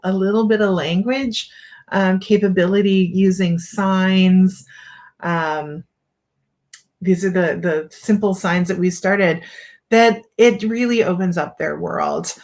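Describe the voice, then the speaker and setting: A middle-aged woman hosting a parenting show, giving casual advice in a relaxed, chatty way with many fillers and restarts. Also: fairly low pitch.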